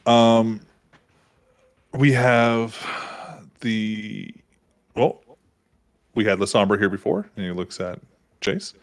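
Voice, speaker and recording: A man's voice: fairly low pitch, slow, long pauses. A man narrating a tabletop game as game master, casual and rambling with many fillers.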